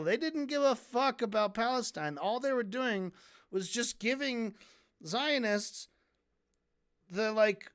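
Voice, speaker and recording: Casual stream host picking apart a debate, sarcastic, cusses a lot, does mocking voices of people, middle pitch. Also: expressive, slow, a bit bright. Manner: sarcastic and heavily profane; mocks people by acting out their lines.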